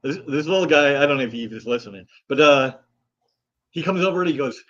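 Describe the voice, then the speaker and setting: A middle-aged man hosts a relaxed conversation, spinning animated anecdotes and slipping into other people's voices. His pitch sits in an ordinary middle range. The audio is dull and lo-fi, with the top end missing. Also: a little fast. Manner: animated storyteller, mimics voices. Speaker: host. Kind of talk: casual chat.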